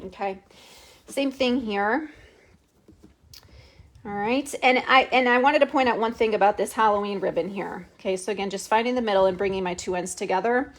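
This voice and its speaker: A woman's voice: medium pitch, moderate pace. A woman hosting a casual craft tutorial, chatting step by step into her phone camera with lots of "okay"s and fillers.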